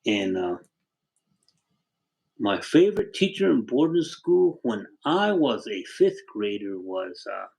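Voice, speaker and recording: A man's voice: lowish voice, big pitch swings, slow pace, vocal fry, low-quality recording. An older man from Arizona hosting a casual livestream from his home, reading out viewers' names and telling rambling stories. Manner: rambling, warm storytelling, thanks viewers by name. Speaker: livestream host. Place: home with a wood stove.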